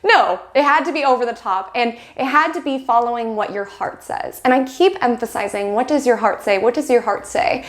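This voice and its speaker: A woman's voice: on the high side, fairly quick, few pauses. A young woman hosting an astrology show, talking in a bubbly, chatty way and acting out dramatic quotes. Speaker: astrology channel host. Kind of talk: casual chat to camera.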